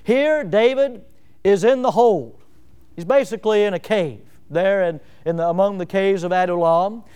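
Preaching at a moderate pace, this Northwest Florida pastor has a high, ringing voice that sounds smooth, resonant, and mellow. He builds momentum by hammering key words and pushing his congregation with question after rhetorical question.

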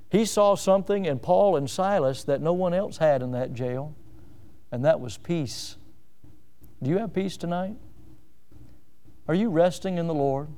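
A middle-aged man preaches with earnest conviction. His voice sits a little high for a man and stays smooth and resonant. He slows down deliberately whenever he recites the words of a hymn. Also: dark tone. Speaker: pastor. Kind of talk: evening sermon.

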